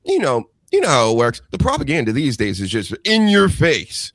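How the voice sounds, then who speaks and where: A man co-hosting a podcast, chatting casually in an animated, rambling way and laughing easily. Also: medium pitch, normal speed, dry recording. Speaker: podcast co-host. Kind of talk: casual chat.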